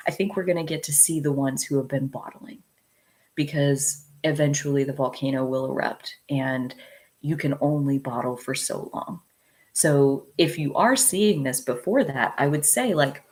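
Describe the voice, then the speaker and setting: Woman, low voice, casual astrology chat, frank, laughs a lot, lots of "like" and "dude". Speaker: astrologer host. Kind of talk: casual spoken astrology talk.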